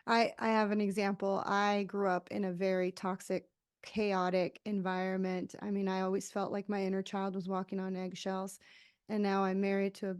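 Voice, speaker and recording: A woman's voice: mid-range voice, little pitch movement, moderate pace, clean tone. A woman hosting an interview podcast who tells a candid personal story in casual conversation. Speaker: podcast host.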